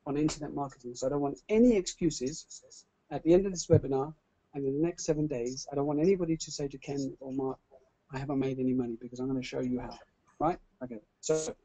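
A man's voice: mid-range voice, brisk, rough recording. A man hosting an online webinar, presenting with showman energy and often repeating words as he goes. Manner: showman, repeats words, stumbles when excited. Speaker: webinar host.

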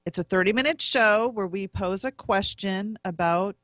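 A woman's voice: mid-range voice, normal speed, fairly bright tone, no room sound, clean studio sound. A woman co-hosting a casual podcast, promoting the call-in show in an upbeat way. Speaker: co-host.

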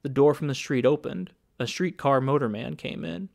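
A man reading a story aloud as audiobook narrator, in plain, even storytelling. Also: medium pitch, normal speed, creaky. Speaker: audiobook reader. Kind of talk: scripted narration.

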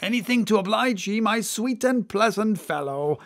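A man's voice: high-pitched, lively intonation, moderate pace, voice pushed up. A man voicing a boisterous, joking male whaling mate in an audiobook, bellowing and mocking. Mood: teasing. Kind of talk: audiobook character voice.

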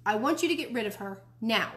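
A woman reading a storybook aloud, voicing a small mischievous boy who is jealous of his baby sister in a high, childlike, whiny voice. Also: lively intonation, fairly quick, a bit bright.

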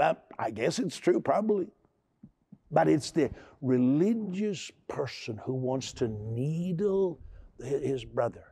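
Guy pastor preaching, gravelly husky voice, stutters and restarts a lot, gets loud and emphatic, dry close sound. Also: fairly high pitch, dry recording. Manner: repetitive stammering restarts, rising to emphatic outbursts. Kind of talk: sermon.

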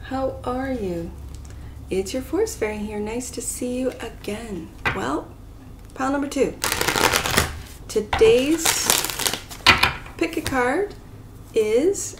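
A gentle, soft-spoken woman giving a pick-a-card tarot reading to her viewers, sometimes dropping to a whisper. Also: a little high, takes it slowly, pauses often, background noise. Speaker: tarot reader.

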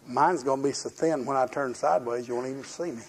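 A man's voice: medium pitch, fast talker, breathy edge. An older man preaching a sermon in a folksy, storytelling way, acting out the voices of people in his stories.

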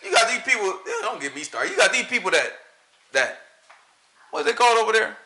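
Animated Southern man teaching scripture. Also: high voice, a little fast, slight background noise. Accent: US Southern country. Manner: animated, rhetorical questions, frequent laughter. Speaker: Bible study teacher. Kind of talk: informal Sabbath teaching. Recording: echoey room.

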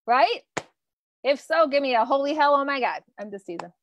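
A woman's voice: high-pitched, expressive, fairly quick. A woman in her thirties, a nutrition coach on a live stream, talking casually and swearing freely as she reads out viewer comments.

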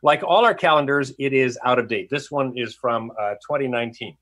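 A man's voice: medium pitch, brisk, a bit bright. Man on a video call, winded, with a dry playful delivery. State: out of breath. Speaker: regular presenter running the music game. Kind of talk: casual live-stream presentation. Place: home studio.

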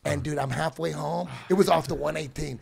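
Brief: man, casual storyteller, high gravelly voice, big swings in volume. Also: a little fast. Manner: animated, swings between loud outbursts and hushed asides. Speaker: guest.

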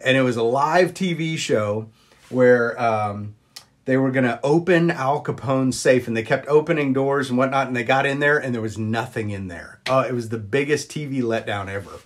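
A man chatting casually on a live stream, greeting viewers and filling pauses with ums as he shows old magic props. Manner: chatty, greets viewers, jumps up high on exclamations; frequent ums and uhs. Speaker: vlogger showing magic props.

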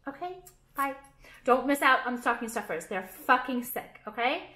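A woman's voice: high voice, animated, normal speed, noisy background. A young woman chatting in a rambling, brash way, swearing freely and filling her talk with "like," as she shows off her purchases and products. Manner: brash, rambling, heavy swearing and filler words. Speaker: vlogger and small business owner. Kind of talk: casual haul vlog. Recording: echoey room.

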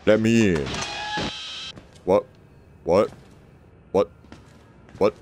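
Low-voiced man doing let's play commentary; sarcastic, swears a lot, squeamish reactions. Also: very slow, music in the background. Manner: sarcastic, profane, easily grossed out. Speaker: gaming video creator.

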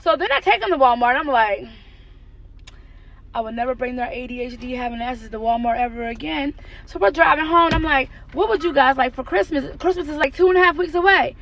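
A woman's voice: high voice, brisk, gravelly, a bit bright, highs cut off. An American woman in her thirties, a mother vlogging from her car, venting bluntly and frankly about her kids with some cursing. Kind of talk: candid venting car chat. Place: parked car, then driving home.

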